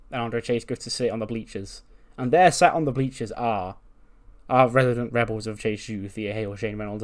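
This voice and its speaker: A man casually narrating a wrestling sim game in a rambling, amused way. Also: medium pitch. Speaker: game streamer.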